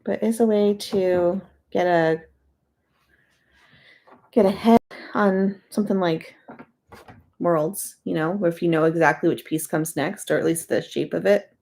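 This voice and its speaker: A woman's voice: fairly low pitch, fairly even intonation, a little slow, long pauses, a little mellow. A young adult woman chatting casually while she works on a jigsaw puzzle, amused, and now and then talking to the pieces. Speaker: puzzle video host.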